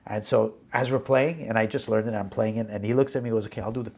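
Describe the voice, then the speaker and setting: A man hosting a casual interview chat, animated as he tells stories, laughing often and swearing casually. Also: fairly low pitch, fast talker, gravelly, slight background noise. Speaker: podcast host and musician.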